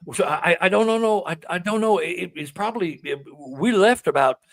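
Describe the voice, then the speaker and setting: A male author, a guest in a conversation, telling a personal story in an emotional, excitable way, choking up at times and repeating words when moved. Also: high voice, brisk. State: close to tears.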